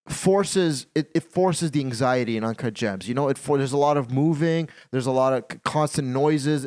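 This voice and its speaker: Man, podcast host, casual chat, animated, repeats himself, swears. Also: fairly high pitch. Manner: animated, repetitive, swearing freely.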